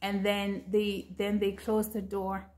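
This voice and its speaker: A woman's voice: mid-range voice, completely flat delivery, slow pace, darkish tone. A woman earnestly recounting a dream to her viewers in casual storytelling, with lots of fillers. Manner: earnest, talks straight to viewers with many fillers. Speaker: vlogger sharing a prophetic dream.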